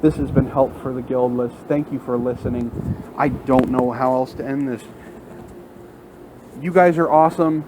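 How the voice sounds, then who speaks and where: A man's voice: mid-range voice, steady tone, normal speed, pauses often, noisy background. An angry man delivering an unscripted, profane rant into his phone at work, in front of a large window. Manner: heated, profane ranting. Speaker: vlogger.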